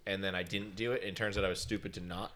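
Guy rattling off takes fast, bright tone, jokey and self-mocking. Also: low voice, steady tone. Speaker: podcast co-host. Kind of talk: casual fantasy football chat.

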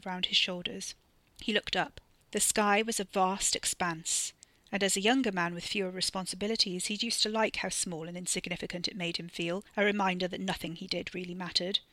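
A woman reading fiction aloud in an expressive storytelling manner. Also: on the low side, no echo. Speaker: audiobook narrator. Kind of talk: scripted narration.

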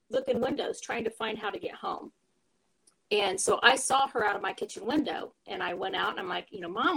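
A woman's voice: a little high, vocal fry, fairly bright tone, poor audio. Earnest woman recounting a painful family story. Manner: earnest, emotional retelling with reflective pauses. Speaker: caregiver telling her story. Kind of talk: personal storytelling interview.

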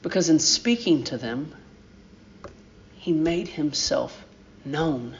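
A man preaching a sermon as pastor, deliberate, building to emphatic peaks. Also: fairly high pitch, muffled recording.

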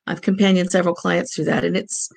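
Gravelly-voiced woman co-host. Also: lowish voice, little pitch movement, fast talker, darkish tone. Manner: frank, wry humor. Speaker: podcast co-host, grief counselor. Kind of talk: casual chat.

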